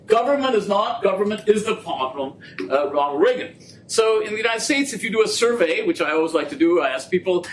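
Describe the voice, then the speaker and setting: A middle-aged man giving a public lecture as a guest speaker, an animated storyteller who jokes with the audience. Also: fairly quick. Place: lecture room. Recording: distant mic with faint rumble.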